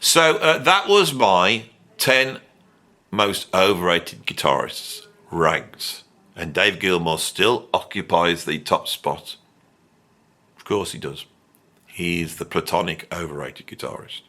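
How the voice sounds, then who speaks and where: A man's voice: low voice, expressive, slow pace, pushed and bright. A middle-aged British man giving a rambling, self-mocking outro to his music channel, joking and cheekily pleading with viewers. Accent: British English. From Britain. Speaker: YouTube music commentator. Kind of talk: casual rambling outro monologue.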